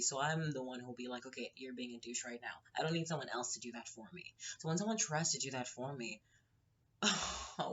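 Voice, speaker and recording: Woman, podcast host, casual storytelling, profane, animated, bright sharp voice, dull lo-fi sound. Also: very deep voice, slight background noise. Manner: heated, profane, animated retelling with acted-out quotes.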